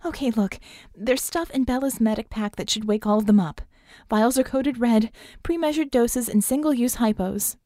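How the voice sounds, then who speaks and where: A woman's voice: on the high side, mellow, no room sound, studio quality, pitched above the performer's own voice, lightly acted. A woman narrator voicing a frustrated young woman hacker talking her team through a job over comms. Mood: urgent. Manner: frustrated, rapid.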